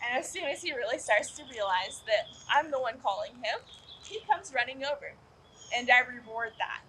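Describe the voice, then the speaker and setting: Upbeat high-voiced dog trainer woman. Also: normal speed, noisy background. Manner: upbeat, explanatory, bursts into excited praise for the dog. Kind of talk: instructional video.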